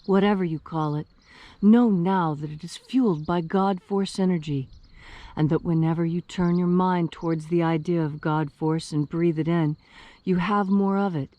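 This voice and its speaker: A woman from West Virginia giving an earnest spiritual sermon with careful, deliberate diction. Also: on the low side, steady tone, warm tone, no room sound, muffled recording. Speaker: minister.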